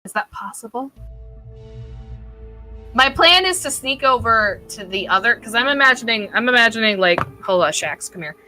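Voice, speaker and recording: A woman playing a tabletop game, eager and quick to laugh, describing her moves. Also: on the high side, expressive, pushed and bright, faint music behind. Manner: giggly, eager. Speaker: player. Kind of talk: casual tabletop play.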